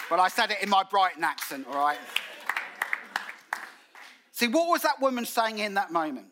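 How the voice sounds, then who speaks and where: A man preaching a lively sermon in church, telling stories with acted-out quotes and colloquial British phrasing. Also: sits high, normal speed, pauses often, background noise. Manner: animated storytelling with acted quotes. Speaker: guest preacher.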